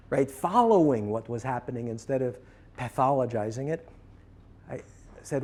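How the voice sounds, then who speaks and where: A man telling a personal story to trainees, lively and acting out both sides of the conversations he recounts. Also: medium pitch, moderate pace, pauses often. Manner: animated, acts out both sides of a dialogue. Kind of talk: storytelling talk.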